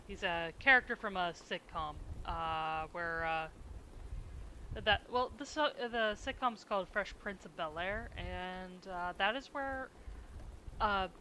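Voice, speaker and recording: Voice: mid-range voice, slow pace, sharp tone, a little hiss or hum, low-quality recording. A streamer chatting casually with their audience while drawing emotes, rambling and chuckling often.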